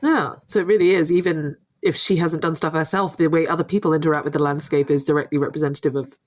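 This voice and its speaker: A woman's voice: low-pitched, steady tone, fast talker, a little mellow. A woman co-hosting a podcast, asking curious questions and thinking aloud in casual chat. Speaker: podcast co-host.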